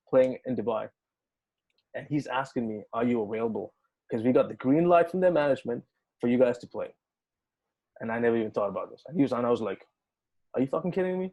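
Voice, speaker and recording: A man in a casual interview, telling a story with lots of swearing and acting out the dialogue. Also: mid-range voice. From United Arab Emirates. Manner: animated, swearing, acts out quoted dialogue. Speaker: musician guest.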